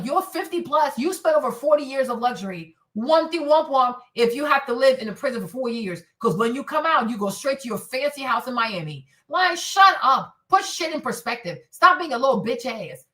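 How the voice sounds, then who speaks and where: High-voiced woman ranting from a distance. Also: moderate pace, hardly any pauses. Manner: animated, blunt and profane, breaks into laughs and shouts. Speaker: commentary streamer. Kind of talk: casual reaction commentary.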